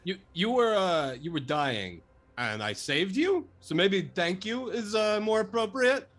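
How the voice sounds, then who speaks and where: A man playing a tabletop role-playing game, answering in character in a deadpan, hesitant way. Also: high-pitched, a little slow. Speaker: player. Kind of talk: casual tabletop role-play.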